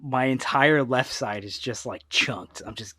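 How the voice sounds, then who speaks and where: A man hosting a gaming podcast, telling a story in a casual, animated way, laughing often and acting out voices. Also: mid-range voice, a little slow, slightly rough, no echo. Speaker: podcast host.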